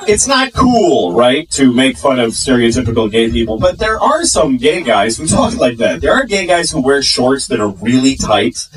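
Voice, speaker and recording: A man's voice: mid-range voice, big pitch swings, moderate pace, few pauses, slight background noise. A man doing a stand-up routine, telling provocative, crude jokes and slipping into mocking impressions. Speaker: stand-up comedian. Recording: distant mic, loud laughing crowd.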